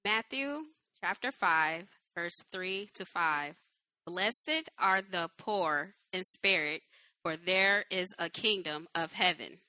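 A woman reading a scripture passage aloud in a slow, measured way. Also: fairly low pitch, animated, sharp tone, no echo.

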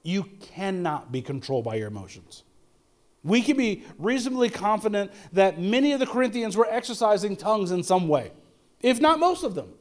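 Middle-aged guy pastor preaching, high voice, lots of "why?" questions and stumbly restarts. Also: big pitch swings, brisk. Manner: conversational preaching with repeated rhetorical questions and stammered restarts. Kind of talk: sermon.

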